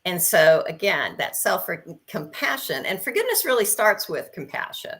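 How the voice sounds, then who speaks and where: A woman guest coach speaking calmly and encouragingly in a casual online chat. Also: fairly low pitch, moderate pace.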